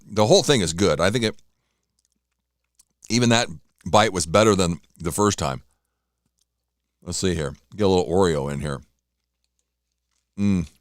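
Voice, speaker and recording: A man's voice: deep voice, measured pace, long pauses, dry recording, studio quality. A man hosting a morning radio show, chatting casually on his own, rambling between sports scores and snacks. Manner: rambling, chatty, talks while eating. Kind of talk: casual solo radio talk.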